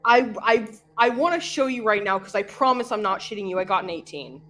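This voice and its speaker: A woman playing a tabletop game, chatty and animated as she describes her character. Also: mid-range voice, brisk. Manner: chatty, animated, full of fillers. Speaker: player.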